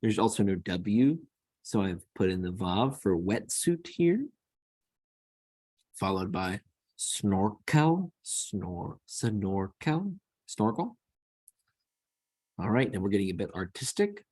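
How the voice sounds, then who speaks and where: Slow, low-voiced male teacher. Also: big pitch swings, warm tone, breathy edge, dry recording. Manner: slow, repeats each word to model pronunciation. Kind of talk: screen-recorded lesson.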